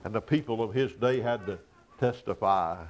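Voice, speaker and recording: A man delivers a sermon in a low voice. His pitch and volume rise sharply when he drives a point home, then drop back to quiet, confiding asides. He chuckles lightly between his points. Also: moderate pace, a little hiss or hum. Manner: swells from quiet asides to loud, high-pitched emphasis. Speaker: preacher.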